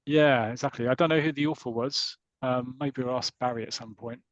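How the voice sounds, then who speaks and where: A man hosting a podcast chats through a comic story, stopping and restarting as he goes. He reads short passages aloud at a middle pitch. The sound is dry and close. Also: fairly even intonation, brisk, no room sound, dull audio. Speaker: podcast host. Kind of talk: casual podcast chat, retelling a comic story.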